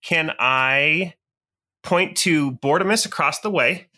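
Bright-voiced male player. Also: a little high. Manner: deliberate, describes actions with many ums. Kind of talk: casual tabletop game play.

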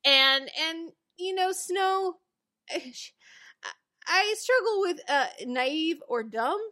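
Bright-voiced woman recapping excitedly. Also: very high voice, takes it slowly. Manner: animated recapping, swearing, playful voices for quotes. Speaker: podcast co-host. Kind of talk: casual chat.

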